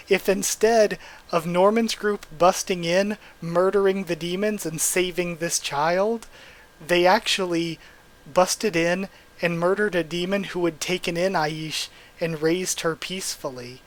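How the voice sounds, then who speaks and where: A man reading a manga aloud and reacting as he goes, excitable and swearing, with bursts of astonishment. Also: sits high, a little slow, low-quality recording. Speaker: manga readthrough host.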